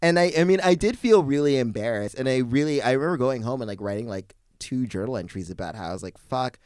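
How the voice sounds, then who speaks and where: Lively, chatty man telling a story. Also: medium pitch, fast, smooth, dry recording, clean studio sound. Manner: chatty, fillers "like", laughs often. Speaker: podcast co-host, comedian. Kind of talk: casual chat, storytelling.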